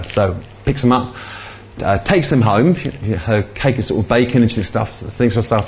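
Older preacher, halting storyteller, mid pitch, slightly dull recording. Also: male voice, slight background noise. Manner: halting, many fillers and restarts. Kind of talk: sermon with storytelling.

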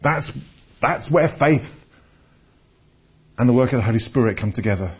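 Husky-voiced male preacher, conversational sermon. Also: medium pitch, lively intonation, moderate pace. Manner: conversational, storytelling, repeats words when restarting. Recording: dull lo-fi recording.

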